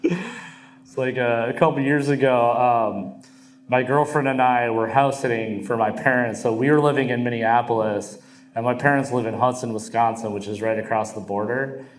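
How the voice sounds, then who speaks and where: A young man doing crude, animated stand-up storytelling on stage. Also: mid-range voice, normal speed. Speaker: stand-up comedian. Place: comedy club stage. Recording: roomy club sound. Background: audience laughter.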